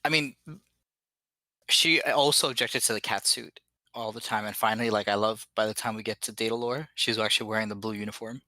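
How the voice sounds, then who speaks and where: A man's voice: lowish voice, steady tone, fairly quick, sharp tone, no echo. A man in casual group chat, making wry comments and sharing trivia. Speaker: watch-along co-host.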